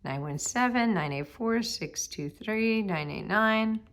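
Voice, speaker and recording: This recorded statistics lesson features a woman whose mid-range, animated voice takes things slowly. She talks to herself through every step, says numbers aloud, murmurs a few under her breath, and stays upbeat and chatty with her students.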